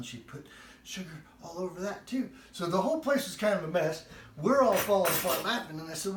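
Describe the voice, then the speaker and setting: A man's voice: sits high, a little fast, slight background noise. A man hosting a home cooking show, telling a funny family story while baking. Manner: animated comic storyteller. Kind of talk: cooking demo with anecdote. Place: home kitchen. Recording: echoey, distant room sound.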